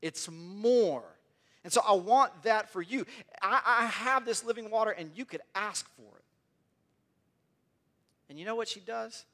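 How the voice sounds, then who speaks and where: Male preacher, sermon, earnest, repeats words mid-thought, high-pitched voice. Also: a little slow, long pauses, sharp tone. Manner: earnest, repeats words while building a point.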